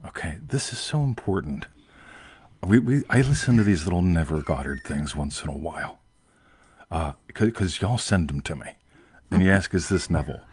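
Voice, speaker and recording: A man's voice: sits low, expressive, moderate pace, a little mellow, husky. A man hosting a casual chat, rambling and emphatic, often tagging "right?" and swearing offhandedly. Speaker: host.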